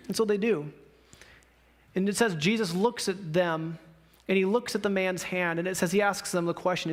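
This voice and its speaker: A man's voice: high-pitched, moderate pace. A man pastor preaching a sermon in a conversational style, with emphatic rises when he speaks for God and the prophets. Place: church sanctuary.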